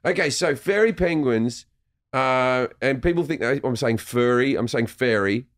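A man with an Australian accent, a guest comedian telling animated, sweary stories in a casual podcast chat. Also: mid-range voice, normal speed, no echo, studio quality. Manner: animated storyteller, swears, jumps into voices.

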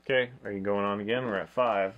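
A man hosting a casual board game review, talking in a flat, low-key way. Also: fast, muffled recording, a little hiss or hum. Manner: low-key, flat delivery, self-described monotone.

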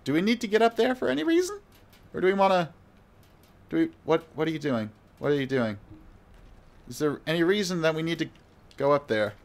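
A man's voice: a little high, very animated, brisk, pauses often. Flustered man rambling over gameplay. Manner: rambling, flustered, self-mocking. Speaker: gamer. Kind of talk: live gameplay commentary.

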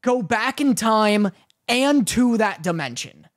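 A man's voice: high voice, lively intonation, slow. A man co-hosting a podcast in casual chat, easygoing and patiently explaining plot points. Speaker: podcast co-host.

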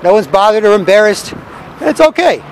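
A man's voice: high-pitched, sing-song, moderate pace, slight background noise, low-quality recording. A man delivering a rambling, profane street rant outdoors in a city square. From Canada.

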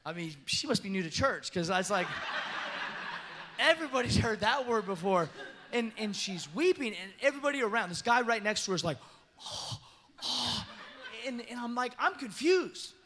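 A pastor preaching a story-driven sermon in a church, lively and animated, acting out the people he quotes and laughing as he goes. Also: high voice, fairly quick. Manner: animated, acts out quoted voices, laughs often. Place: church sanctuary.

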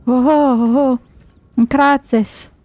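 High-voiced, jumpy woman gaming. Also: steady tone, very slow, darkish tone, no room sound. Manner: jumpy, heavily profane, talks to herself. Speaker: game streamer. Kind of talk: horror game let's play commentary.

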